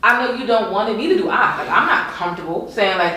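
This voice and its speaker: A woman hosting a casual group discussion, talking fast and expressively as she leads the conversation. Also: medium pitch, expressive, bright, forceful tone. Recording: echoey room, mic far off.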